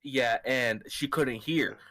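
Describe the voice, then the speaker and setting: A man's voice: mid-range voice, takes it slowly. A man co-hosting a podcast, telling stories with lots of laughter in casual chat. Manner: laughing, expressive storyteller. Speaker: podcast co-host.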